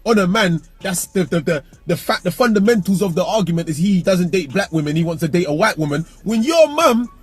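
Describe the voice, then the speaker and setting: A man's voice: high voice, animated, brisk, hardly any pauses, slightly rough. A man speaking bluntly and brashly in a heated casual discussion, swearing and often raising his voice. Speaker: panelist.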